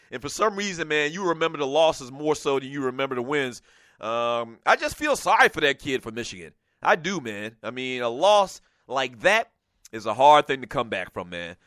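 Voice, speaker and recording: Animated Geechee-accented radio host. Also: male voice, on the high side, no room sound, studio quality. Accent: Geechee, South Carolina Lowcountry. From South Carolina. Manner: storytelling, animated, laughs and raises voice at the big moments. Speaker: radio talk show host. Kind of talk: casual sports talk radio.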